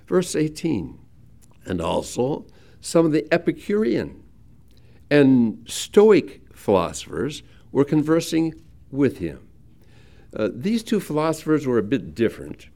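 A male preacher teaches from scripture in a conversational, storytelling way. His voice is warm and mellow, with a lively pitch that swings up for emphasis and drops low again. He often restarts phrases as he thinks aloud. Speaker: pastor teaching the Bible. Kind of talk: expository Bible teaching sermon.

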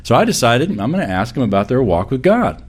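A man's voice: mid-range voice, big pitch swings, fast talker. A man preaching in a conversational, storytelling way, rambling with frequent restarts as he recalls family memories. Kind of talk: sermon storytelling.

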